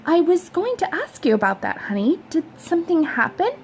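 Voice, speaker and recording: A woman reading a storybook aloud, voicing a fussy, worried suburban mother in a high, fluttery, questioning tone. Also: very animated, brisk, creaky, slight background noise, heavily acted. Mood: fretful.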